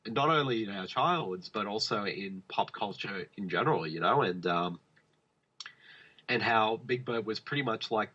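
A man whose voice sits on the low side sounds animated, sharp, and a bit breathy, talking at normal speed. As a podcast co-host he rambles through a casual chat about films, full of fillers and restarts. The audio is dull and lo-fi.

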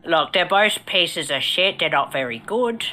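A woman's voice: lowish voice, animated, a little slow, pushed and bright. A woman doing an impression of a grumpy, crude older British film actor, blunt and swearing.

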